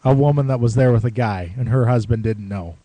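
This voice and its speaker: A man's voice: medium pitch, a little fast, mellow, no echo. A man co-hosting a podcast, telling a long casual story with swearing and quoted lines. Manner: rambling, swears and laughs, acts out quotes. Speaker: podcast co-host.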